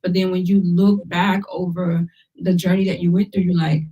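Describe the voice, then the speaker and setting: A woman's voice: on the low side, moderate pace, distant mic, low-quality recording. A woman hosting a talk show, speaking in an encouraging, conversational way. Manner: encouraging, conversational, uses lively quoted asides. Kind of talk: casual talk show chat.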